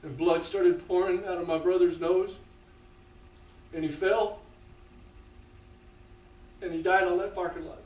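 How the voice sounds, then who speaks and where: A man performing a theatrical monologue on a small theatre stage, telling a confessional story with halting restarts. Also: sits high, fairly even intonation, darkish tone. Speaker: stage actor playing a death row inmate. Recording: roomy theatre sound from a distant mic.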